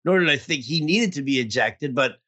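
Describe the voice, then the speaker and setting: A man's voice: mid-range voice, animated, brisk, sharp tone, muffled recording. A man in casual podcast chat, telling a rambling, profane story about his bad fantasy football week while nursing a toothache. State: toothache pain. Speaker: podcast co-host.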